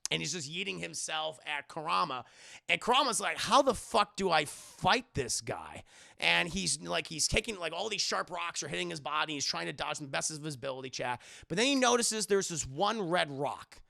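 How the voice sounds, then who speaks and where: A man rambles through an episode recap for a live chat, swearing freely and calling out to the viewers. His voice is high and bright with heavy vocal fry, recorded close and dry. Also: brisk. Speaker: show reviewer.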